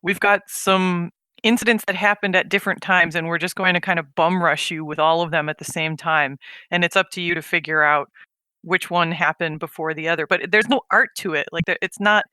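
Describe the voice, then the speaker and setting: Man, podcast co-host, bright crisp voice, dry sound, rambling casual chat. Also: on the high side, brisk, no room sound. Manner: rambling, animated storytelling with quoted voices.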